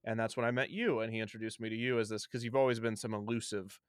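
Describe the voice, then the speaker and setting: A man hosting a casual interview, easygoing and relaxed. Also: lowish voice, quick pace, no room sound, clean studio sound. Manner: easygoing, with fillers. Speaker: podcast host.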